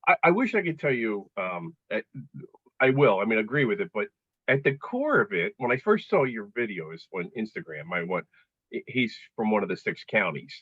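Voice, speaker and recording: A man's voice: lowish voice, very animated, normal speed, breathy edge, no echo. A man in his fifties, a guest on a podcast, telling stories in a chatty way with self-deprecating humor and many restarts. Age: 50s. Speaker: guest, coaching client. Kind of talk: casual podcast conversation. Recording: slightly dull, dry sound.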